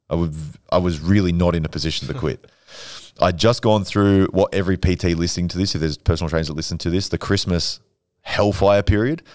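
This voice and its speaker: Brash guy in his 20s, deep and quick, smooth clear voice, dry close sound, swears freely. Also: darkish tone, no room sound. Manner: brash, profane, boastful storytelling. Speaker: podcast guest. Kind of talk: casual podcast chat.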